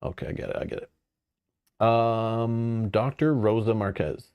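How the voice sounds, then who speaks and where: Low mellow-voiced man, host, reads campaign text then chats loosely. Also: measured pace, smooth, no echo. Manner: casual, loose, many fillers. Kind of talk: reading and narrating a card game campaign.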